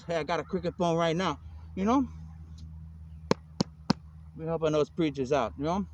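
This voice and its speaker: A man with a high, light voice talks in a loose stream of thought. He jumps from topic to topic and keeps tossing in "man". Faint ambient noise sits behind him. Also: a little fast, a little mellow, rough recording. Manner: meandering, leaps between topics, keeps saying "man"; acts out quoted exchanges in casual voices. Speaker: vlogger. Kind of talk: rambling off-the-cuff monologue.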